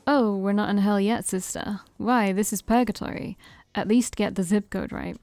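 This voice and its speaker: A woman reading the lines of a smug, theatrical male vampire, slow and emphatic like a preacher, without putting on an accent. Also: medium pitch, fairly even intonation, darkish tone, no room sound, soft background music, lightly acted.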